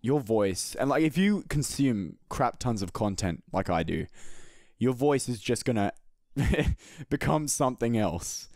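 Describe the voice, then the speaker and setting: A man's voice: medium pitch, expressive, unhurried, a little mellow, no room sound, studio quality. A young man with a light Australian accent, hosting a casual interview in a chatty, swearing, self-deprecating way. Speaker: interview host.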